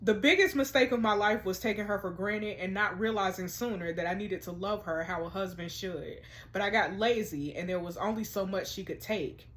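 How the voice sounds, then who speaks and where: A woman voicing a regretful middle-aged father who speaks gently and apologetically, reading game dialogue aloud in a soft, low, subdued way. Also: moderate pace, hardly any pauses, close to an everyday voice. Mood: remorseful.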